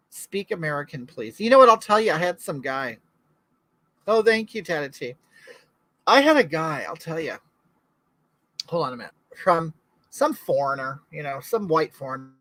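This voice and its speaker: A man's voice: fairly high pitch, sing-song, measured pace, long pauses, a bit bright, no echo, rough recording. A man from California hosting a casual livestream, chatting to viewers and reading their comments aloud in a gossipy way. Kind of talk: casual chat.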